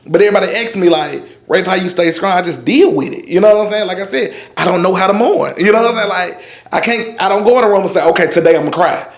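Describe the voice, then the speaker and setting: A man's voice: high-pitched, quick pace, vocal fry. A man in his forties talking in a loose, rambling way in a casual roundtable chat, often saying "you know what I'm saying". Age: 40s. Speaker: roundtable guest. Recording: echoey room.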